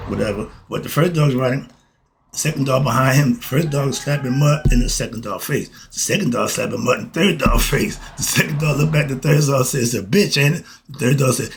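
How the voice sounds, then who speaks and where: A man's voice: on the high side, creaky, a little hiss or hum. A man, delivering a preachy spiritual monologue full of rhetorical questions. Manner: preachy, repetitive, rhetorical questions, chuckles between points. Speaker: channel host.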